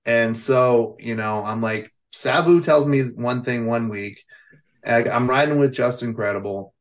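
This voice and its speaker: An American veteran wrestler in his forties tells rambling stories during a casual interview, peppering them with "you know" and "like." His voice is mid-range and his pace measured.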